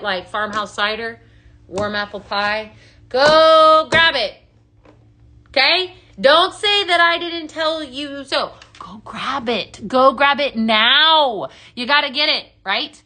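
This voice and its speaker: Bright, chatty woman selling on a live stream. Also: a little high. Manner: rambling and upbeat, full of fillers, answering viewers' comments by name. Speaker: host of a live product sale.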